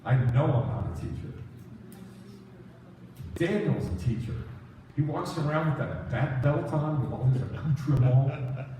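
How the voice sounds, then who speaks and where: A man giving a conversational sermon as a rabbi, self-deprecating and animated, telling stories with quoted asides. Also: a little high, a little slow, long pauses, slight background noise. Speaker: rabbi teaching a congregation. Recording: echoey hall from far off.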